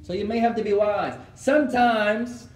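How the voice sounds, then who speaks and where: A man teaching an Islamic class, mixing Arabic phrases into lively storytelling and answering students' questions. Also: high-pitched, normal speed. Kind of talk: lecture with Q&A. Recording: echoey room.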